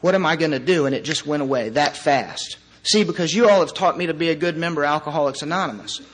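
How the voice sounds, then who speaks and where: A man in his thirties sharing his recovery story before a group, earnest and halting, with long pauses and wry, self-mocking humor. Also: on the high side, fairly bright tone. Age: 30s. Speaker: recovery meeting speaker. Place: meeting room before a live audience.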